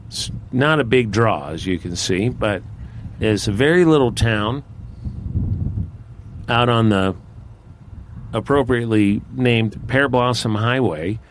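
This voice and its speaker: A man telling a folk tale in a relaxed, conversational, folksy way. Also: mid-range voice, takes it slowly, long pauses, slight background noise. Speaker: storyteller. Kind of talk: folksy spoken storytelling.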